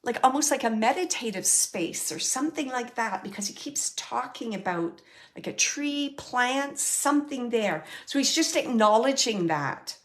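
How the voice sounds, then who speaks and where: On the high side and lively in intonation, a woman's voice leads a live mediumship reading on her show. She speaks earnestly in broken phrases, restarting and using fillers a lot, and regularly checks in with the person she reads for.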